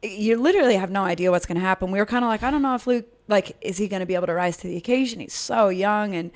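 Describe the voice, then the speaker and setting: A woman co-hosting a podcast, telling stories excitedly in casual chat, laughing often and swearing. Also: medium pitch, very fast. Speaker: podcast co-host.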